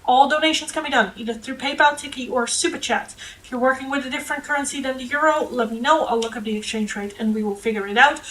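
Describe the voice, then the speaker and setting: A young woman with a fairly high voice talks casually to her live-stream viewers as a tarot reader. She is candid and chatty, swears freely and laughs often. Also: fast talker, few pauses, fairly bright tone, a little hiss or hum, low-quality recording.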